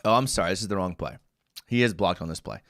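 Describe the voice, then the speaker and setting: With a low-sitting voice and a quick pace, a young fan-show host analyzes game film live, becoming animated and easily agitated as he goes through viewer comments.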